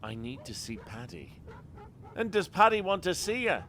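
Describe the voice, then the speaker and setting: A man's voice: on the high side, big pitch swings, normal speed, pushed and bright, a little hiss or hum, voice pushed up. A man voicing a suspicious, bullying tavern doorman in a put-on working-class London accent, blunt and menacing.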